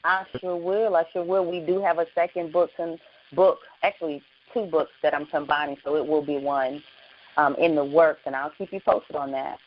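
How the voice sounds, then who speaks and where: A woman's voice: low voice, steady tone, moderate pace. A woman author being interviewed as a guest on an internet radio show, speaking earnestly and passionately. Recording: muffled lo-fi with faint hiss.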